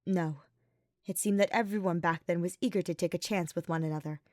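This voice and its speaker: A woman narrating a fan fiction story in a steady, reflective reading voice. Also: lowish voice, brisk, no room sound, clean studio sound. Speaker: podfic reader.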